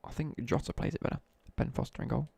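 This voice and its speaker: A young male streamer chats casually while gaming, telling a rambling story full of asides. His gravelly, husky voice is mid-range and darkish, and he talks fast. The recording is dry.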